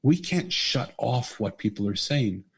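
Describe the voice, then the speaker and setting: Earnest husky man telling a story. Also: mid-range voice, lively intonation, unhurried. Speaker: podcast guest, author. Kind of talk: conversational storytelling.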